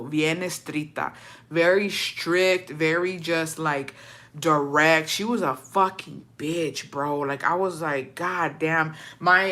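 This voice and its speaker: A woman's voice: on the low side, pushed and bright. A woman telling stories in a casual chat, blunt and profane, switching between English and Spanish.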